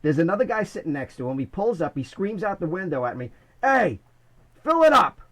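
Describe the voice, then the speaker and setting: A middle-aged man from the Bronx, a former corrections officer telling stories in an animated, casual way. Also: on the high side, quick pace, rough recording. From Bronx, New York. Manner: animated, many restarts, "I says". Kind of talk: casual storytelling.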